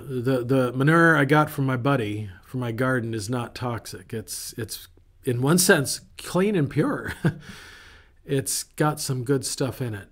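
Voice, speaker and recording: Male pastor, mid-pitched, casual storytelling sermon with animated asides. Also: slow. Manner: conversational, animated storytelling with self-interruptions. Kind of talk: informal sermon.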